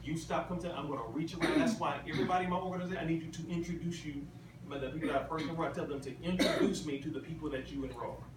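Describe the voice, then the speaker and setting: Very fast and steady in tone, this man's fairly high voice drives an emphatic, repetitive motivational talk full of questions for the crowd. It's recorded from a distance in a large, echoey convention hall with ambient noise.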